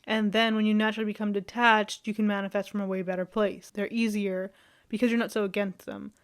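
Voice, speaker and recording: A woman's voice: medium pitch, little pitch movement, fairly quick. A young woman vlogging in a loose, rambling chat, full of fillers, easy laughs and casual swearing.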